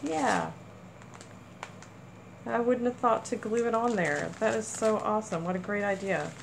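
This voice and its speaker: Slow-talking excited crafting woman. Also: medium pitch, gravelly, noisy background. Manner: gushing, excited over small crafting items. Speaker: crafting channel host. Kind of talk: casual haul chat to camera.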